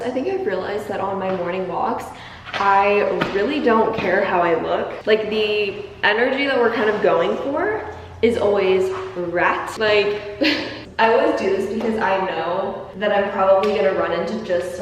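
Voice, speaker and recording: A young woman chatting casually to camera as a lifestyle vlogger, giggly and talking to viewers like friends. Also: medium pitch. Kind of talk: casual vlog chat to camera. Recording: echoey, off-mic, noisy background.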